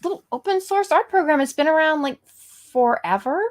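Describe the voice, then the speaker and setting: High, animated chatty woman. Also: moderate pace. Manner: chatty, giggly, animated storytelling. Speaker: guest artist. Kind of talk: casual chat.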